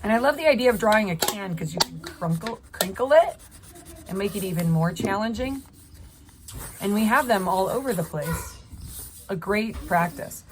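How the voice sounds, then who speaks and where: Woman art teacher, encouraging, narrating her drawing, faint noise behind, mid pitch. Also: expressive, moderate pace. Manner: encouraging, talks while drawing. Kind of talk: live drawing tutorial.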